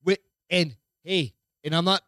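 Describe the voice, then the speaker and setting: A man's voice: sits high, unhurried, bright, forceful tone, dry recording, studio quality. A man co-hosting a casual podcast with his wife, self-mocking, swearing and rambling. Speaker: podcast co-host. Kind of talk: casual chat.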